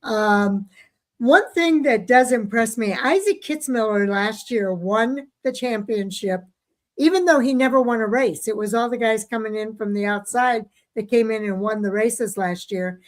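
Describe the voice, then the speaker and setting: A woman's voice: fairly high pitch, unhurried. Chatty racing radio co-host woman. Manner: chatty, reads listener comments, many fillers. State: hiccups. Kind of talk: casual racing talk radio chat.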